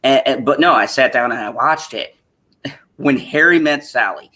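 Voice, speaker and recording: A man hosting a casual live-stream chat, talking in an animated, profane way and laughing often. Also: medium pitch, moderate pace. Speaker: stream host.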